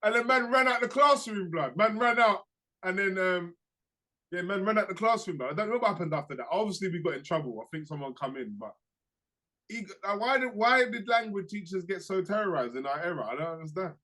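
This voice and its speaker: A young man talks casually on a podcast, his voice pitched high and sounding bright and forward. He tells stories in animated, slangy bursts, laughing through his anecdotes. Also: fairly quick. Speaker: podcast co-host. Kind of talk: casual chat.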